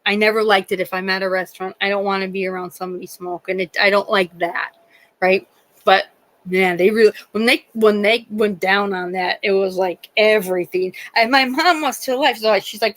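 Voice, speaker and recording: A chatty middle-aged woman tells stories from her nursing work in a loose, conversational way. She gets animated and jumps into the voices of the people she quotes. Her pitch sits in a middle range for a woman. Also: normal speed, no echo, low-quality recording. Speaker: livestream host; nurse. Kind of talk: casual storytelling chat.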